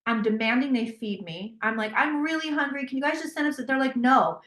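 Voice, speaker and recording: Woman guest, animated storyteller, high voice, echoey room. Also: fairly quick. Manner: animated, quotes herself in dialogue. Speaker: guest, psychic tarot reader. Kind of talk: storytelling in a casual interview. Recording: roomy echo.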